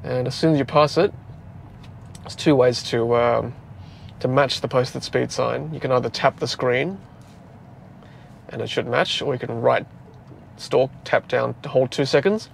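Driving along with road noise filling the car, an Australian man who vlogs about cars talks in an unhurried, gravelly medium-pitched voice, leaving long pauses. His chatter is easygoing and packed with fillers.

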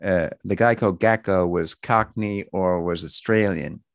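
A man hosting a casual interview, with a low voice and a gravelly edge. The sound is dry and close, with almost no room around it. He keeps his part short, reacting and then asking relaxed follow-up questions. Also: measured pace, no room sound. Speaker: interview host.

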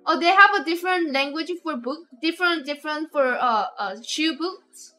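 Woman, high and sharp-toned, giggly rambling stream chat. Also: measured pace, long pauses, soft background music. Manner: rambling, giggly, lots of restarts. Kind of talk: casual live-stream chat.

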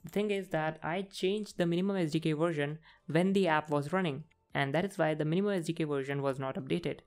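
A man's voice: fairly high pitch, fairly quick. A man hosting a programming tutorial, casually talking through each coding step as he types, with frequent fillers. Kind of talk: casual screen-recorded coding walkthrough.

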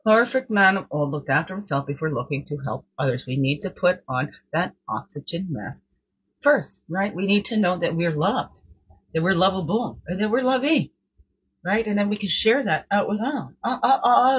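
A woman's voice: lowish voice, expressive, moderate pace, husky, dull audio. A woman hosting her own daily reflection show, reading quotes and chatting casually, often repeating words and asking "right?".

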